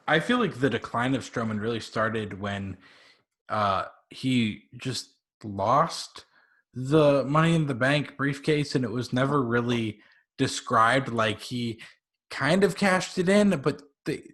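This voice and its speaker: A man's voice: mid-range voice, unhurried, fairly bright tone. A young man in his twenties, a guest on a casual podcast, telling stories eagerly with lots of "like" and "um". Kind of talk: casual review chat.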